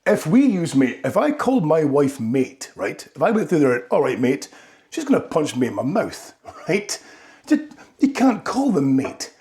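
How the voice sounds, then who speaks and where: A man's voice: on the high side, huge pitch swings, moderate pace, a little mellow. A man doing a rambling comic monologue and tagging his lines with "right?". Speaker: comedy vlogger. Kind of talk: comedic monologue.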